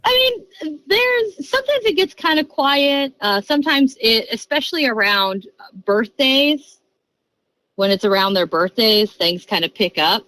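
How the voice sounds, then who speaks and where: A woman in her thirties, a podcast guest telling a story in a casual, chatty way, jumping into quick bursts and acting out the voices she quotes. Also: high voice, no echo, rough recording. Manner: animated, acts out voices and quoted lines.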